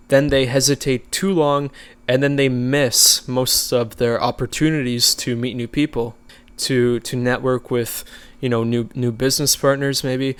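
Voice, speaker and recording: A man coaching viewers in a casual, conversational way, relaxed and easygoing, with frequent fillers. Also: medium pitch, clear, resonant tone. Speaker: social skills coach. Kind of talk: casual instructional talk.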